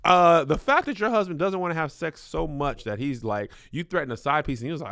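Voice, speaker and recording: Animated man riffing on advice letters. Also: on the high side, fairly quick, hardly any pauses, no echo. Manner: reads letters, then riffs loudly with mock outrage. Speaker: advice show host. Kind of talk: comedic advice show. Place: small studio.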